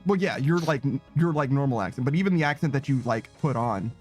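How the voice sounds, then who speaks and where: A man's voice: mid-range voice, quick pace, a little mellow, husky, faint music behind. A man streaming a game, chatting casually and rambling with many fillers. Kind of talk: casual chat while gaming.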